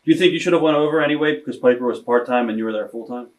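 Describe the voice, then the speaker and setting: A man interviewing a guest, dropping in short prompts and quick questions. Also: mid-range voice, distant mic.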